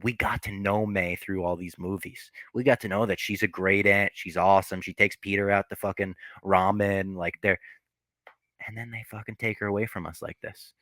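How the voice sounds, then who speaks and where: A man hosting a podcast, casually recapping a movie scene by scene, animated and profane, acting out the characters' lines. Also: on the low side, moderate pace, no room sound. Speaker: podcast host.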